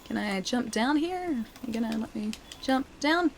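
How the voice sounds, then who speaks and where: A woman streaming a video game, chatting casually and thanking viewers, her voice hoarse as it recovers. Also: fairly high pitch, measured pace, a little hiss or hum. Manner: chatty, thanks viewers, reacts excitedly to the fight. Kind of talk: casual live-stream chat while playing.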